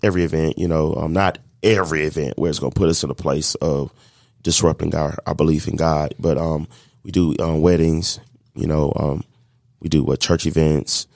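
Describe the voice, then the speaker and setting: A man's voice: extremely low pitch, little pitch movement, moderate pace, gravelly, a little mellow, dry recording, clean studio sound. A man, a catering business owner, telling his story in a casual podcast chat and acting out his own past thoughts.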